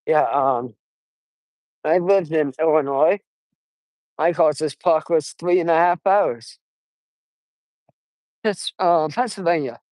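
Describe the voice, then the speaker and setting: An eighteen-year-old man with a voice on the high side vlogs during a casual outdoor walk, talking quietly and rambling with halting restarts. He's recorded on wireless earbuds, so the audio is low-quality, though there's no echo.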